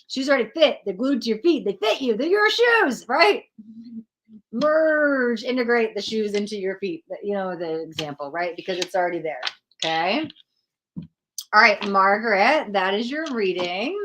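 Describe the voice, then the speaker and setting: A woman hosting a live-streamed tarot reading, talking straight to viewers in an animated, encouraging way. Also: a little high, low-quality recording.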